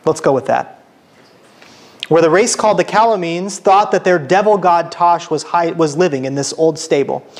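A man's voice: fairly high pitch, normal speed. A man giving a casual church lecture, informal and self-correcting, asking the audience questions and reading aloud. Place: church hall.

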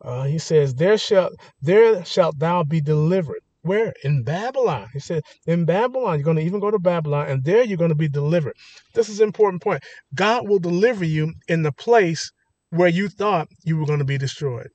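A man's voice: on the high side, animated, moderate pace, darkish tone, dry recording, muffled recording. A man preaching a sermon, emphatic and rising to stress points, often restarting his words. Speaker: pastor.

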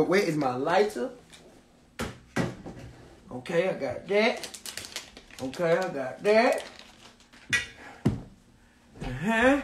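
High bright-voiced man, hype livestream host, loud, swearing, shouting at the chat. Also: a little hiss or hum. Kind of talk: hyped livestream hosting.

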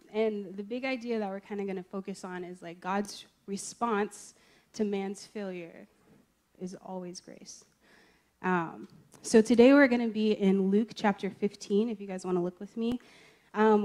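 A woman's voice: medium pitch, darkish tone. Chatty young woman preaching casually. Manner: chatty, lots of fillers and "like". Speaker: guest preacher. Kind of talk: casual storytelling sermon. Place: church service.

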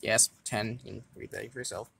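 A man casually walking through his card game deck, reading effects aloud in a halting way with stumbles and restarts. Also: fairly low pitch, steady tone, creaky, sharp tone, slightly rough.

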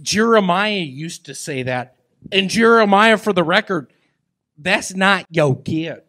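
A man doing stand-up on stage, with a slow, halting, awkward delivery full of odd pauses. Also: high voice, animated, sharp tone. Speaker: comedian. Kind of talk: live stand-up and crowd banter. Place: comedy stage with live audience.

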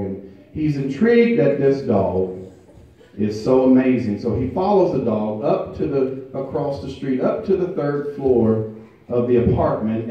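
Echoey pastor preaching. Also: male voice, medium pitch. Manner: builds from quiet to loud emphatic preaching, drawn-out phrases. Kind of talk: sermon. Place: church sanctuary. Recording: distant echoey church recording, muffled.

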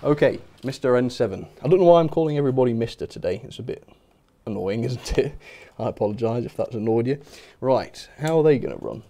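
Young guy rambling on a livestream, giggly, chatty, mid-pitched voice. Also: expressive, quick pace, warm tone. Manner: chatty, giggly, self-mocking, reads chat aloud. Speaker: host of a model railway livestream. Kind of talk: casual livestream chat.

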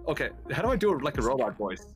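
A playful man co-hosting a game playthrough, joking with a lively, bouncing pitch. Game music plays clearly underneath. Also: fast. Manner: playful, laughing, jokey. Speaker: gaming co-host. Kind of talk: casual gaming chat.

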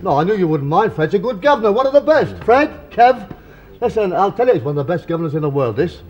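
A man playing a chummy English workman in a 1960s sitcom, forever trying to smooth things over. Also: sits high, big pitch swings, fast, highs cut off, noisy background. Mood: placating. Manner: chummy, placating. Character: jovial peacemaking English workman, foreman type. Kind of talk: 1960s television sitcom acting.

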